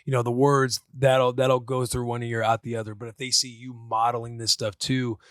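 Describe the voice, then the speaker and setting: A man in his thirties talks in a casual podcast chat, earnest and a little rambling, circling back and restarting his sentences as he works out a point. His pitch sits in an ordinary middle range, and the sound is dry and close, with no room around it. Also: little pitch movement, moderate pace, fairly bright tone, no echo. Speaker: podcast co-host.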